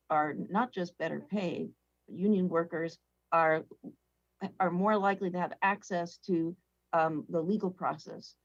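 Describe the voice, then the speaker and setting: A woman's voice: on the low side, no room sound, lo-fi sound. A woman professor testifying at a congressional hearing, speaking earnestly and often restarting her sentences.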